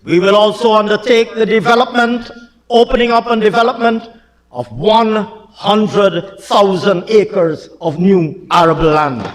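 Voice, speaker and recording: Guyanese male minister, very high voice, emphatic parliamentary speaker who hammers points home, long reverb of a parliament chamber. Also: unhurried. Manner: emphatic, repeats lines, builds to shouting at the opposition. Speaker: government minister presenting the budget. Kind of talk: parliamentary budget speech.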